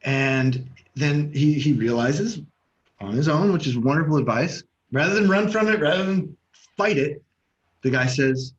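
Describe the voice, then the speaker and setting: A man co-hosting a podcast as an NLP coach, telling stories in a loose, animated way and swearing freely. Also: on the high side, moderate pace. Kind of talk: casual conversation. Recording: slightly dull, muffled sound.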